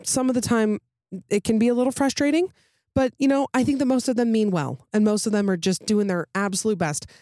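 A woman's voice: on the high side, fairly quick, warm tone, no room sound, studio quality. A woman hosting a podcast, chatting casually with lots of fillers and reading out listener stories. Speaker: podcast host.

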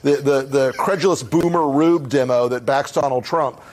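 A man's voice: medium pitch, normal speed, a little mellow. A man on a cable news panel, mocking and laughing, with stammered restarts.

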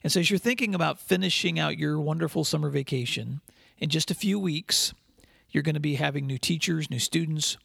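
A man with a somewhat high, gravelly voice delivers a scripted podcast monologue. He tells his story in an earnest, measured way, and the recording is close and dry. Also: a bit bright, no echo. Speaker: podcast host and school leadership speaker.

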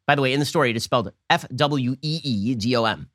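A man's voice: mid-range voice, a bit bright, no echo, clean studio sound. A man hosting a political commentary show, talking in a sarcastic, mocking monologue. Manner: sarcastic, mocking, rapid-fire.

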